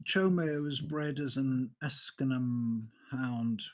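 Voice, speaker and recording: A man on a book podcast explaining background lore, pausing and restarting as he goes. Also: mid-range voice. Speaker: podcast panelist. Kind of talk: casual book discussion.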